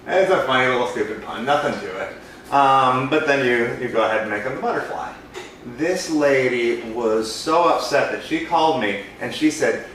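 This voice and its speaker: A man's voice: mid-range voice, expressive, moderate pace, fairly bright tone. Easygoing man in an echoey room. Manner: easygoing, self-deprecating anecdotes. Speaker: podcast co-host, balloon entertainer. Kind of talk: casual storytelling chat. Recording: very echoey room, distant mic, faint noise.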